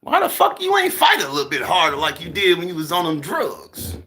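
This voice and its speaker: A man's voice: a little high, brisk, slight background noise. A young man ranting heatedly to camera in a profane monologue, acting out other people as he goes. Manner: animated, heated, swearing, acts out other people. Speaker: vlogger.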